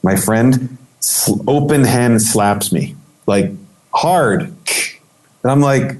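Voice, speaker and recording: A man telling a story in an interview as a guest, animated and acting out the voices he quotes, with many restarts. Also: mid-range voice, takes it slowly. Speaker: guest photographer.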